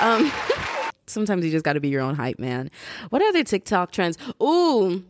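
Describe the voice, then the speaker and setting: A woman's voice: fairly low pitch, sing-song, fairly quick, loud music behind the voice. A young woman hosting a podcast alone, chatting casually in slang, hyping up her listeners and giggling as she rambles. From United States. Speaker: podcast host. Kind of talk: casual solo podcast chat.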